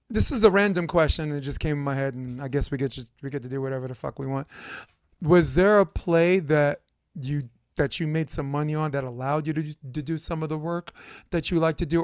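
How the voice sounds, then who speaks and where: A man's voice: a little high, a little fast, darkish tone, dry recording, studio quality. A man hosting a podcast, asking loose, rambling questions in a casual chat. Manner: loose, rambling, profane interviewer. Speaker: podcast host.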